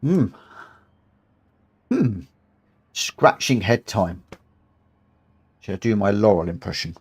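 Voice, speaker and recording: A man's voice: on the low side, takes it slowly, slightly rough. Man chatting on a live racing stream. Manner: relaxed, rambling, repeats phrases, reads results aloud.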